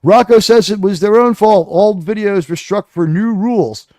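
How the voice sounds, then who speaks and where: A man's voice: sits high, moderate pace, mellow, no echo, clean studio sound. A man hosting a live stream, ranting and telling stories in a sarcastic, mocking way. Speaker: livestream host.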